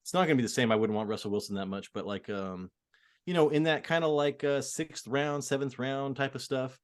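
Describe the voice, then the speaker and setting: A man co-hosting a fantasy football podcast, talking casually and opinionatedly with lots of fillers. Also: medium pitch. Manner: filler-heavy, quick, opinionated. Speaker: podcast co-host. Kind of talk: casual sports chat.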